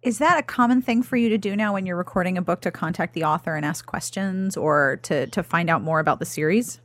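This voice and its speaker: A woman's voice: fairly low pitch, fairly quick. A woman hosting a podcast interview, asking questions and joking playfully. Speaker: podcast host.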